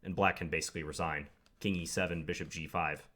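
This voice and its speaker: A man's voice: low voice, steady tone, fast, sharp tone. A young man commenting live on his own game, thinking aloud with wry, self-deprecating asides. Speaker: chess commentator.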